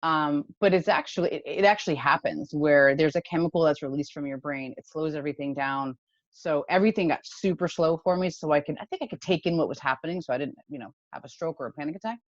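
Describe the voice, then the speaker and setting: A woman's voice: sits low, quick pace, no echo, muffled recording. A woman being interviewed as a guest, telling a personal story with emotion and nervous laughs. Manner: emotional, animated retelling with laughs. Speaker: podcast guest, company founder.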